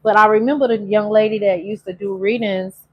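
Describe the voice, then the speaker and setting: A woman's voice: mid-range voice, fairly even intonation, highs cut off. Chatty emotional tarot reader woman. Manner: chatty, emotional, drawn-out sung phrases. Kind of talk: casual spiritual reading to viewers.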